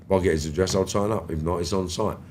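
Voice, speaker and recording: A London man in his fifties, a podcast guest telling stories in animated, slangy street talk and swearing freely. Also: low-pitched, quick pace, slight background noise. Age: 50s. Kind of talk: storytelling interview.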